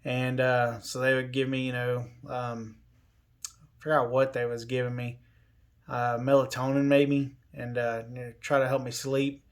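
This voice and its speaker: A man tells a personal story casually, in an unhurried way. He drifts through fillers and restarts and quotes the people around him. His voice sits at an ordinary middle pitch. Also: flat delivery. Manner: unhurried, lots of fillers and restarts, quoting others. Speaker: covid survivor telling his story.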